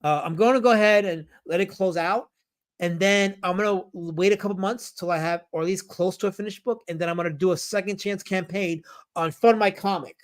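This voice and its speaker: A man live-streaming, reading chat comments aloud and talking about comics in an animated, jokey way. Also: sits high, brisk.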